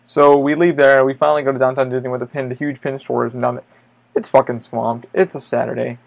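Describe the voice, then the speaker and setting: A man's voice: mid-range voice, level tone, fast, vocal fry. A man hosting a podcast, telling a story in a loose, rambling way, with lots of swearing and filler words. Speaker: podcast host. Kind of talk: casual storytelling monologue.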